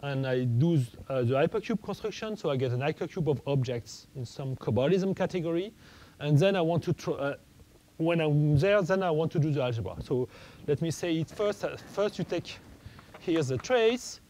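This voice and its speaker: Guy lecturing math, stops and restarts a lot, soft mellow tone, faint hiss behind. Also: fairly high pitch, lively intonation, low-quality recording. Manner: halting, many restarts and fillers, thinking aloud.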